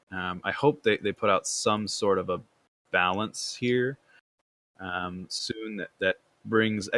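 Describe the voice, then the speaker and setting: A man's voice: sits low, a bit bright. A man hosting a casual gaming podcast, rambling with fillers and restarts. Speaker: podcast host.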